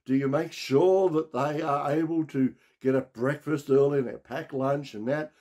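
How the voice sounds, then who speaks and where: A man preaching a sermon as pastor, asking rhetorical questions and dropping to a low voice for emphasis. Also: steady tone, normal speed, darkish tone.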